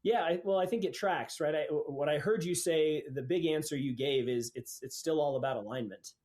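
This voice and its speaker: A man's voice: fairly high pitch, moderate pace, a little mellow. A man hosting a podcast, reframing and summing up his guest's points in a casual chat. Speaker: podcast host.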